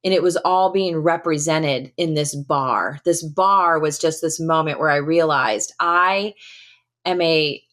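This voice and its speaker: A woman's voice: deep voice, unhurried, few pauses. A middle-aged American woman, a retired Air Force colonel, telling a personal story as a podcast guest in a candid, emphatic way with casual fillers. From United States.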